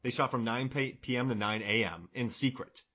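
A man in casual chat about a film, animated and laughing often as he retells scenes. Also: mid-range voice, normal speed, lo-fi sound.

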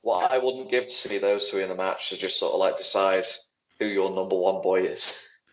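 A man with a fairly low voice chats eagerly, cursing now and then. The sound is dull and lo-fi with a faint hiss behind it, like an online call. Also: flat delivery, normal speed, fairly bright tone. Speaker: podcast co-host. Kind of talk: casual chat.

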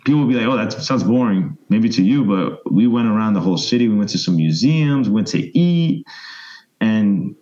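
A man's voice: lowish voice, moderate pace, dull audio. Rambling storyteller man in his thirties. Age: 30s. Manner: rambling, animated storyteller, mimics voices. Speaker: interview guest. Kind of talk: casual storytelling interview.

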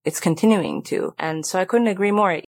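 A woman's voice: lowish voice, brisk. A woman guest-hosting an interview, affirming and encouraging as she asks questions and agrees. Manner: warm affirming listener, encouraging. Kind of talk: conversational interview.

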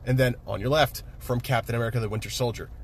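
A man casually retelling a movie with excitement, swearing freely and laughing often. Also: medium pitch, quick pace, slight background noise. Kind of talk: casual chat, movie recap.

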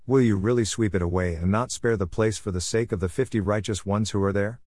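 Male reader voicing an elderly bargaining patriarch, low voice, plain reading. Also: fairly even intonation, brisk, darkish tone, no room sound, studio quality, natural voice. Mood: pleading. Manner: humble, persistent bargaining.

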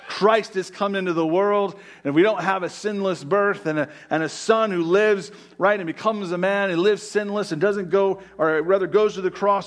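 A pastor preaches a sermon in a high-sitting voice. He emphasizes key words by slowing down and keeps dropping "right?" asides.

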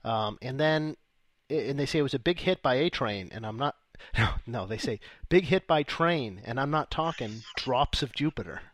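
A man co-hosting a casual comedy podcast, profane and quick to laugh, recapping a match play by play. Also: medium pitch, lively intonation, fairly bright tone, no echo. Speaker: podcast co-host.

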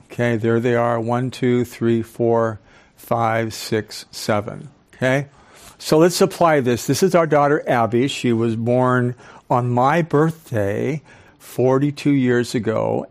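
An older man lecturing to a live audience in a club hall. His delivery is animated, and he keeps pausing to throw questions at the crowd. His voice sits at an ordinary middle pitch. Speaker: speaker and professor.

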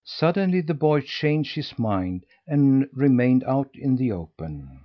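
A man narrating a storybook in a steady, measured reading. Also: medium pitch, lo-fi sound. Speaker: audiobook narrator.

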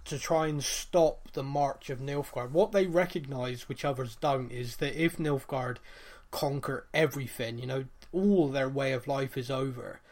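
A man's voice: mid-range voice, a little slow. A man, casually recapping a TV series on a podcast, rambling with fillers and acting out quotes. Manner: animated, rambling retelling with fillers and acted-out quotes. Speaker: podcast co-host.

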